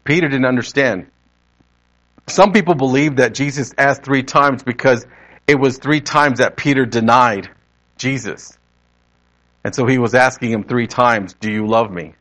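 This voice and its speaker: A man's voice: mid-range voice, unhurried, fairly bright tone, low-quality recording. A man preaching a sermon in a conversational way, often rephrasing as he goes.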